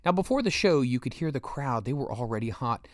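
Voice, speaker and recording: Male memoir narrator, steady storyteller, medium pitch, dry booth. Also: fairly quick, no room sound. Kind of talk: first-person memoir narration.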